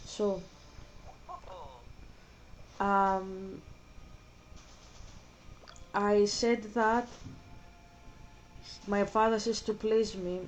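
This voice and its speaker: A woman talking casually to camera in a vlog, halting and searching for words as she explains herself. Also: mid-range voice, a little mellow, rough recording. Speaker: vlogger.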